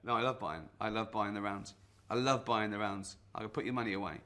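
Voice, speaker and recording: David Brent, bright and awkward. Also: male voice, fairly low pitch, fairly even intonation, fairly quick. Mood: awkward boastful. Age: 40s. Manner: rambling and awkward, full of ums and nervous chuckles. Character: self-deluded middle-aged male sales rep, awkward show-off. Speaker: would-be guitar teacher. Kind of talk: comic mock guitar lesson.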